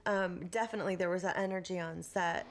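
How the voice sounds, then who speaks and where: A woman's voice: on the low side, steady tone, fast talker, over music. A woman giving a documentary interview, talking in an admiring way and leaning on lots of fillers. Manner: warm, admiring, filler-heavy.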